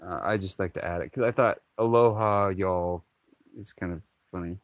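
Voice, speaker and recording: A man's voice: sits low, moderate pace, no room sound. A man from Hawaii, chatting casually to his viewers, laughing often and rambling with lots of fillers. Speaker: vlogger. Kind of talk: casual chat to camera.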